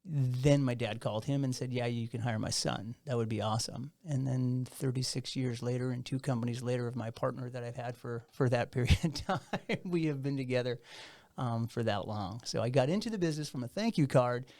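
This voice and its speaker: A man's voice: medium pitch, a little fast, a little mellow. A man in his fifties hosting a podcast, chatting casually and playfully, joking and laughing often. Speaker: podcast host. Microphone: studio microphone.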